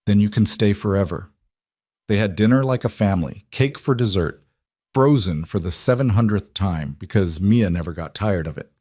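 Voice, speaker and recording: Low-voiced man narrating a story. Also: darkish tone, dry recording, clean studio sound.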